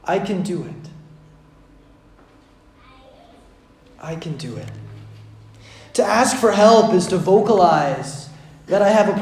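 Echoey, high-voiced man preaching. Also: slight background noise. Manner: dramatic swings from loud to hushed. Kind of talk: sermon.

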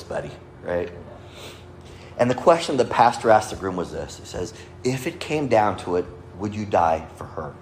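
A man's voice: on the low side, a little hiss or hum. A man preaching a sermon, earnest, quoting scripture and lifting or dropping his voice for emphasis. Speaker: pastor. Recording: echoey room with faint ambience.

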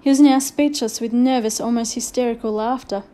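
Storybook narrator, woman, mellow tone, slightly high voice. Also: fairly even intonation, fairly quick.

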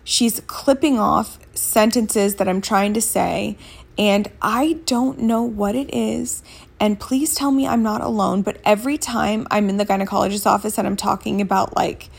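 A woman's voice: medium pitch, creaky. A woman in her thirties telling a story in a casual vlog, speaking candidly and bluntly and swearing freely, sitting up on a bed at home. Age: 30s.

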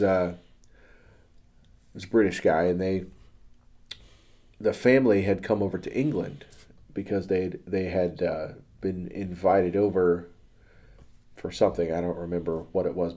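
A man with a fairly low, warm and mellow voice chats casually on a podcast. He tells a story earnestly, stumbling and restarting his phrases as his thoughts run ahead. He speaks about faith with sincere feeling. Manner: religious. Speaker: podcast host. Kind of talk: casual chat.

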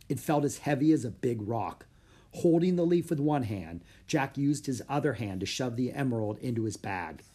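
Male storybook reader, middle pitch, measured delivery, leans into suspense. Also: darkish tone, slightly rough. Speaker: audiobook reader. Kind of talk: scripted narration.

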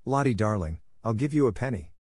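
An anxious young schoolgirl with an urgent, pleading manner, put on by a male reader. Her lines sit above the narrator's pitch. The recording is dry and close. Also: expressive, fairly quick, a little mellow, husky, dry recording.

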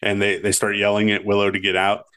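Lowish-voiced chatty podcast man. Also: monotone, fast talker, bright, forceful tone, smooth. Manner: rambling, laughs through retellings. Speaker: podcast co-host. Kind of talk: casual chat recalling movie scenes.

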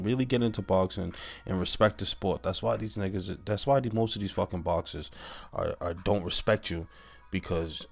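A man with a very low, deep voice rants straight to camera. He talks bluntly and heatedly, cursing often, stumbling into restarts and tagging lines with "man" and "bro". His delivery is loose and unscripted. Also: vocal fry. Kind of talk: profane casual rant.

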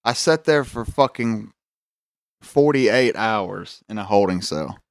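A man's voice: fairly low pitch, expressive, slow, no room sound, studio quality. A man telling a rambling, profane story on a casual podcast, acting out the voices of people in it. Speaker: podcast host.

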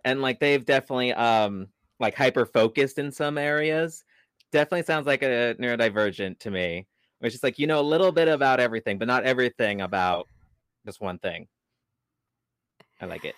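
Playful rambling man with lively pitch. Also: smooth, no room sound. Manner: rambling, playful, quick laugh. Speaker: podcast co-host. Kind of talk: casual chat.

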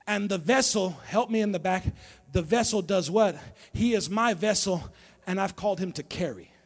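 A man preaching a sermon as pastor to a congregation in a church, calling out to the listeners and swinging from low talk to shouting. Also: moderate pace. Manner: call-and-response preaching, dropping low then building to shouts. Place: church sanctuary before a congregation.

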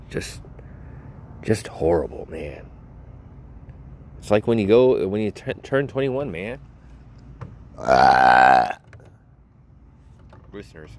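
Young male podcast host, low-pitched, loose and self-mocking, casual solo talk. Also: darkish tone. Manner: rambling, jokey, self-mocking. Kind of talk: rambling solo podcast chat. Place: outdoors.

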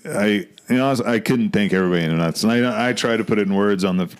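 Low-voiced guy, blunt, drops f-bombs all the time, just chatting. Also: fast, smooth. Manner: blunt, swears constantly. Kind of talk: casual chat.

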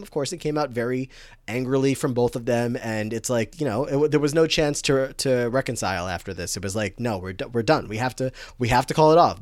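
A young man co-hosting a podcast, casually chatting and rambling through an animated recap full of fillers. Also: medium pitch, no echo, studio quality. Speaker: podcast co-host. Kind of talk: casual chat recapping a TV episode.

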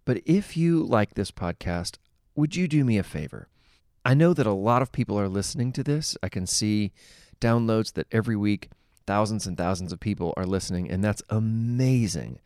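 Male podcast host, low-ish, easygoing talk, close dry studio mic. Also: expressive, moderate pace, no room sound. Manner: warm, chatty, filler words. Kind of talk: scripted podcast intro and casual interview. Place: recording studio.

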